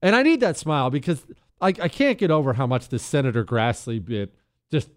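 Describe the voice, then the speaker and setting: A man hosting a talk radio show, delivering an opinionated casual monologue that is sarcastic and animated, breaking into high silly voices. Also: a little fast, clear, resonant tone, dry recording, studio quality.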